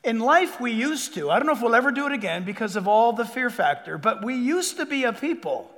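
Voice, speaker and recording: A man preaching a sermon as a pastor, animated and acting out quoted dialogue in different voices. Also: very high voice, fairly quick, long reverb tail.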